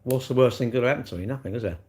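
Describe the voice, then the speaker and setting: A man's voice: medium pitch, very fast, mellow, slight background noise. An older man, chatting casually on a live stream, blunt and teasing as he answers comments. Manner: blunt, teasing banter with chat. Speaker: livestreamer.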